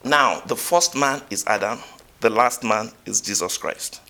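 A lowish, creaky male voice preaches at a measured pace. He reads scripture aloud and quizzes the congregation, his delivery rising to loud emphatic peaks and dropping to quiet asides.

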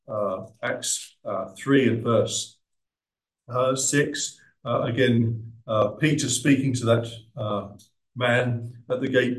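A man preaching a sermon, measured and emphatic, with frequent hesitant fillers. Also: medium pitch. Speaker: visiting preacher. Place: church in central London. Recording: roomy, distant church recording.

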